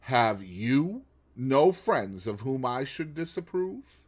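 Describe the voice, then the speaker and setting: A man voicing a cool, defiant young English wife who speaks quietly and icily. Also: medium pitch, big pitch swings. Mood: icy. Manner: quiet, icy, slow.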